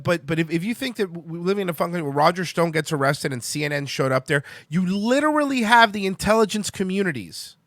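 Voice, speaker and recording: A man's voice: high voice, fairly bright tone, no echo, studio quality. A young man hosting a live-streamed show, ranting heatedly with lots of swearing and restarts. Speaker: podcast host.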